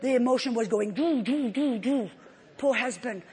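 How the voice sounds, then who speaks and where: A woman preacher tells her story in a sermon, her high voice breathy and a little husky. She speaks with emotion, her tone rising and falling as she recounts what happened. A long hall reverb trails after her words. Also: moderate pace, a little mellow. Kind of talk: testimony sermon.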